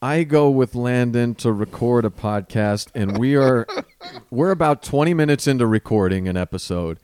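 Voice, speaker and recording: A man's voice: normal speed, slight background noise. A man in his thirties hosting a comedy podcast, telling a story with lots of swearing and acting out the people in it. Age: 30s. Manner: animated storyteller, swears freely, acts out quotes with big pitch jumps. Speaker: podcast host. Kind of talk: casual comedy podcast chat. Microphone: dynamic studio microphone.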